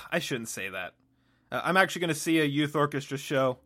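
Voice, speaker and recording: Animated and a little fast, this man speaks with a fairly high, fairly bright voice. As a podcast host, he rambles sardonically through a comic monologue alone, often stopping himself mid-thought.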